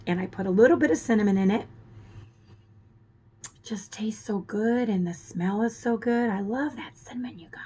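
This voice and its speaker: A middle-aged woman vlogger chatting casually to her viewers, rambling into asides, her voice still recovering from hoarseness. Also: mid-range voice, low-quality recording. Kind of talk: casual chat to camera.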